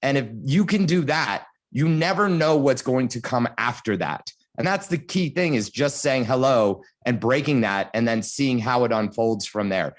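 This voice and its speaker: A man on a panel giving advice as a motivational speaker, telling lively stories and acting out little scenes. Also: medium pitch, moderate pace, hardly any pauses. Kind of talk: storytelling advice.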